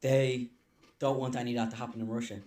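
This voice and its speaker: A man's voice: mid-range voice, little pitch movement, quick pace, a little mellow. A man ranting bluntly and angrily in a video clip, swearing as he goes.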